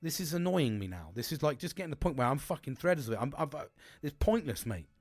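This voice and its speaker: A man's voice: fairly high pitch, big pitch swings, quick pace, no echo, soft background music. A middle-aged man talking openly and emotionally about his struggles, rambling with many restarts and frequent swearing. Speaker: podcast host. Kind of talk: candid personal talk.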